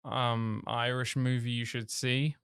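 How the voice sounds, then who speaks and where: A man's voice: mid-range voice, level tone, slow, fairly bright tone, clean tone, no room sound, studio quality. A young man co-hosting a podcast, teasing and quizzing his co-host in casual film chat. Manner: teasing, quizzing, laughs often.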